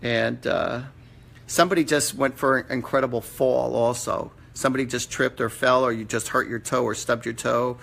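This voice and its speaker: Gravelly-voiced man giving casual readings. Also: medium pitch, fairly even intonation, normal speed, fairly bright tone. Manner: casual, blunt, mild swearing. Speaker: psychic medium host. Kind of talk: live-stream psychic readings. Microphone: computer or phone mic on a live stream.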